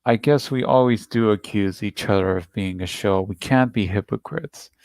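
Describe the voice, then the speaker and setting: A man's voice: fairly low pitch, moderate pace, darkish tone, no echo. A man hosting a reaction video, talking through a played clip in a rambling, repetitive, defensive way. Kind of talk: casual commentary on a played clip.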